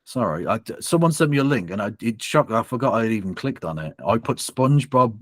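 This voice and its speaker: A man's voice: medium pitch, lively intonation, fast talker, dry recording, studio quality. A man co-hosting a casual livestream and reacting to clips, sweary and sardonic. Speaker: streamer reacting to a video.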